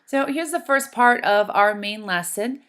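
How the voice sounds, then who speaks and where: A woman teacher in a recorded lesson, giving slow, deliberate instructions and spelling out sounds. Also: medium pitch, lively intonation, fairly bright tone.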